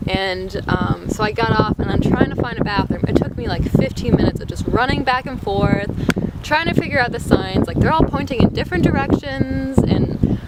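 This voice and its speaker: A woman's voice: on the high side, very animated, moderate pace, heavy background noise. A young American woman telling a travel mishap story in a casual, breathless way, full of "like" and acted-out quotes. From United States. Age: young adult. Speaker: vlogger.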